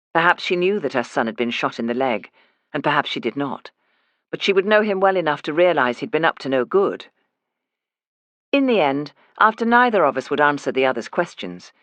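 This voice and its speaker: A man reading a first-person mystery audiobook in measured storytelling narration. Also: on the high side, fairly bright tone, no room sound.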